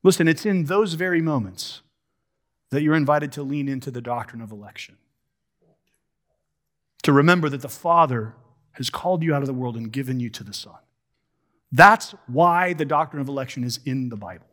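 A man preaching a sermon, posing rhetorical questions and slowing down to stress key words. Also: mid-range voice, expressive, fairly bright tone.

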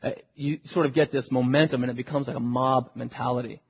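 A man preaching a sermon, retelling a scripture story dramatically and swinging between hushed and loud delivery. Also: mid-range voice, fairly even intonation, fast talker, slight background noise. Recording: dull recording with long hall reverb.

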